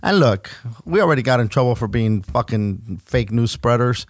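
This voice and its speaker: A man co-hosting a podcast, telling a story loosely and with a lot of swearing, acting out the other people's lines as he goes. His voice sits at an ordinary pitch. The sound is dry and close, with no room echo. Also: normal speed. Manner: profane, animated storytelling with acted-out dialogue. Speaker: podcast co-host. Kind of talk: casual storytelling chat.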